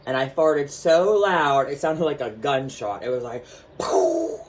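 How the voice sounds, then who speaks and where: A man vlogging, telling a personal story in a chatty, animated way with lots of fillers while showing his artwork. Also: medium pitch, a little slow.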